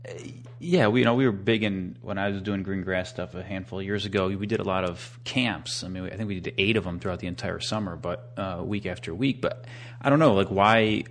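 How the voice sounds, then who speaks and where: A chatty man hosts a casual podcast interview, asking long, rambling questions. His voice is low. A faint hum sits behind him. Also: fairly quick. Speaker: podcast host.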